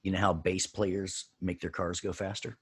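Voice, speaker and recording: A man with a fairly low, husky voice leads a hands-on software class. He sounds upbeat and playful, tossing in jokes and sound effects. He keeps checking in with the students as he goes. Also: flat delivery, normal speed. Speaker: audio production teacher.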